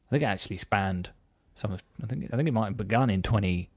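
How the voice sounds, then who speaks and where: A man's voice: lowish voice, fast talker, darkish tone, no echo. Rambling, upbeat male podcast host. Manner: rambling, upbeat, many fillers. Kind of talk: casual podcast chat.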